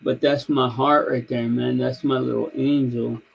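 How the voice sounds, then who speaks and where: Thirty-something male streamer, slow and gravelly, rambling and casual. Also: mid-range voice, little pitch movement, a little hiss or hum, poor audio. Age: 30s. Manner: rambling storyteller, many fillers and restarts. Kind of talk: casual chat.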